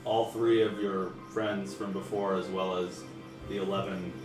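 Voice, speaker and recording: A man's voice: low voice, level tone, a little slow. A man narrating as game master of a tabletop game, with many hesitant fillers. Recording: echoey room, heard from a distance, music behind.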